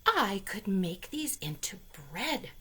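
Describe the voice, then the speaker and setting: A woman voicing a busy, hardworking little red hen in a children's story, with a bright, slow, sing-song delivery. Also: mid-range voice, sing-song, husky, exaggerated voice. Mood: eager.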